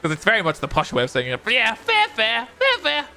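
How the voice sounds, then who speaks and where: A man's voice: very high-pitched, wildly swooping pitch, fairly quick, gravelly, bright, forceful tone. An Australian man streaming a game, chatty and giggly, rambling as he plays. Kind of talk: casual gaming commentary. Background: game music.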